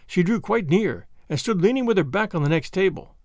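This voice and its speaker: Man narrating audiobook, expressive, lively melody, slightly high voice, dry close mic. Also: dry recording. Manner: measured, expressive storytelling. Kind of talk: scripted narration of a classic novel.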